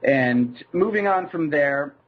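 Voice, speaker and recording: A man's voice: on the high side, animated, slow, phone-quality sound, slight background noise. A Canadian man hosting a casual gaming podcast panel, giving rambling, upbeat introductions. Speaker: podcast host.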